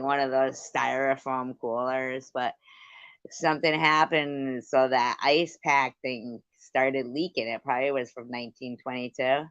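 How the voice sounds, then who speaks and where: A woman's voice: a bass voice, fairly bright tone, clear, resonant tone, no echo, lo-fi sound. A woman hosting a livestream, telling a rambling casual story, swearing freely and breaking off to thank viewers. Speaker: livestream host.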